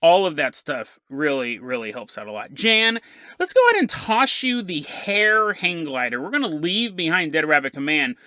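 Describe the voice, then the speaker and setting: Male podcast host, animated joking storyteller; bright, forward tone. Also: on the high side, normal speed, no echo. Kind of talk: casual storytelling narration.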